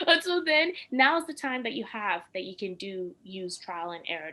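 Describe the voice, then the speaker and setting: A woman's voice: mid-range voice, animated, a little fast, gravelly, few pauses, pushed and bright, rough recording. A young woman and podcast guest telling personal stories in casual chat, emotional and laughing often.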